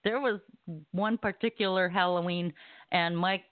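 A chatty host tells a story on a call, the voice mid-pitched and dry on a tinny phone line. The delivery is lively and laughing, with an easy, conversational flow. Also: a little slow, dry recording. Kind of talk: casual call-in chat.

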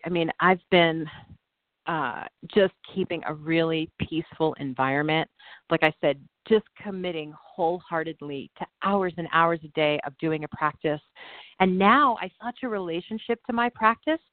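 A woman talking earnestly in a casual chat, her voice on the low side. She tells stories in a lively way and often starts over mid-sentence. The sound is narrow and phone-like, dry and close. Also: moderate pace, dry recording. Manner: earnest, animated storytelling with many self-restarts. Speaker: podcast co-host.

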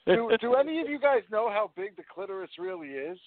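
A man co-hosting a casual podcast, talking excitedly with lots of swearing and stumbling restarts. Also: high-pitched, fast talker. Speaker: podcast co-host. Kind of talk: casual chat. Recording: dry, tinny phone-like sound.

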